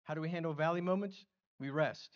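Lively casual pastor preaching, man. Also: fairly high pitch, fast, smooth, muffled recording. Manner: casual, animated preaching with slang and acted-out asides. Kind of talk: sermon. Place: church.

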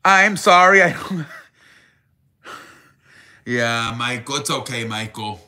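A man's voice: mid-range voice, animated, slow pace, pushed and bright. A man hosting a casual live show, joking and mock-offended with callers, sprinkling in Spanish words. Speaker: show host.

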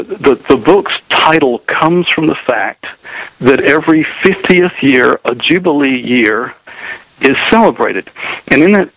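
A man with a Southern US drawl talks about his writing in a radio studio. He pauses and restarts often, filling the gaps with fillers. His voice sits at a middle pitch and sounds dry and close to the mic. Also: fairly bright tone, dry recording, low-quality recording. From Southern United States. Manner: hesitant, many fillers. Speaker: author and guest. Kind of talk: radio interview.

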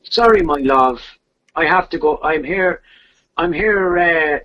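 A man's voice: fairly high pitch, takes it slowly, bright, forceful tone, dull audio. A man quoting a restless young Viking prince while telling a legend. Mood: pleading.

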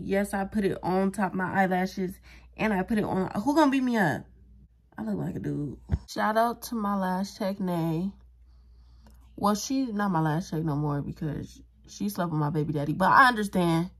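A young woman chatting casually through a beauty tutorial, joking and mocking herself as she talks straight to viewers. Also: mid-range voice. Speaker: vlogger doing a wig and lash tutorial.

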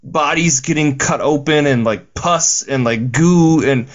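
A man's voice: on the high side, unhurried, over a noisy crowd. A man co-hosting a movie podcast, casual and enthusiastic, with some stammering and swearing. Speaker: podcast co-host. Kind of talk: casual movie review chat.

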